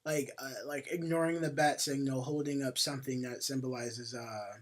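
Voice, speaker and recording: A man's voice: medium pitch, steady tone, moderate pace. A young man co-hosting a casual podcast, rambling with lots of fillers and swearing. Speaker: podcast co-host. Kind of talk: casual chat. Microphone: headphones on, home podcast mic.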